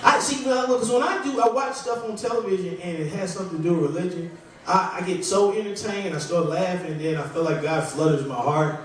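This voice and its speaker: Rambling through a stand-up set in a small club, a man with a high voice talks fast and chatty, joking at his own expense. Captured from far off in an echoey room, the clip has slight background noise.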